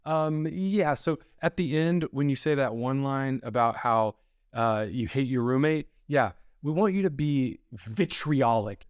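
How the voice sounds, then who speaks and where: A man playing an upbeat casting director who talks in a drawn-out, soothing, falsely encouraging way. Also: medium pitch, smooth, no room sound, studio quality, pitched above the performer's own voice, close to an everyday voice. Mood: breezy.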